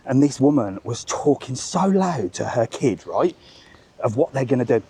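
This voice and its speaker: A man hosting a live travel vlog, telling a story as an animated, swearing rant while walking outdoors. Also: medium pitch, normal speed, slightly rough. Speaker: travel vlogger, live stream host. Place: outdoors among bars and restaurants.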